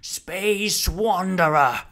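A man's voice: animated, measured pace, a bit bright. A man voicing a grandiose, preaching figure who lectures a crowd in solemn, declamatory tones. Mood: calling out. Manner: solemn, declamatory, booming calls.

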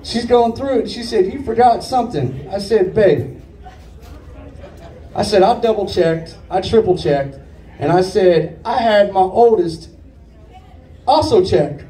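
A man in his late thirties doing stand-up, with a high but mellow voice and a loose, cursing, rambling way of telling stories. He sounds distant from the microphone, in an echoey room. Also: expressive, measured pace, pauses often. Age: 30s. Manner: profane, rambling conversational delivery. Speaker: stand-up comedian. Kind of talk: stand-up storytelling set. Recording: echoey room picked up from far off.

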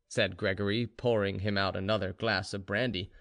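A man reading an audiobook in a measured, storytelling manner. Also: lowish voice, steady tone, a bit bright. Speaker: audiobook narrator. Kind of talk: audiobook narration.

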